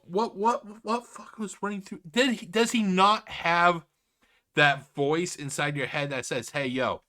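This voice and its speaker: Man, reaction commentator, blunt, profane, bright fairly high tone. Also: steady tone, measured pace. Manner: exasperated, profane, opinionated rant.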